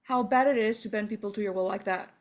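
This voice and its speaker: A woman's voice: medium pitch, fast talker. A young woman playing a tabletop game, speaking in a dry, exasperated way. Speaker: player.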